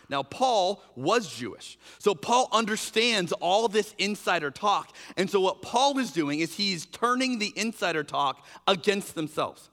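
Animated pastor preaching in a reverberant hall. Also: male voice, high-pitched, normal speed, few pauses. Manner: animated, acts out quoted exchanges with shifting voices; conversational, uses fillers like "like" and "you know". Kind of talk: sermon.

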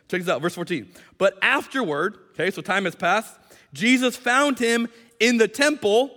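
A male pastor preaching with a high, bright voice, animated and quick to act out the people in his story. His voice carries the long reverb of a large hall. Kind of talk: sermon. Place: church hall.

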